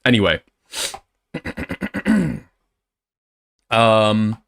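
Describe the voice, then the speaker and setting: A man's voice: medium pitch, lively intonation, normal speed, fairly bright tone. Guy ranting through old texts, sarcastic and sweary. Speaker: commentator. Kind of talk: commentary reading out messages.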